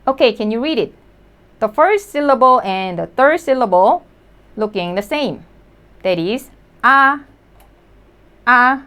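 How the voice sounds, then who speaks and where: Woman, language teacher, slow deliberate delivery, sounds out syllables and repeats words, animated pitch. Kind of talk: slow, clear vocabulary lesson.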